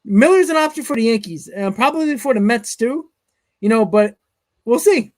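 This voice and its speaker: Man, stream host, casual chat, chuckling, animated storyteller. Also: very high-pitched, normal speed. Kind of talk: live-stream chat reading.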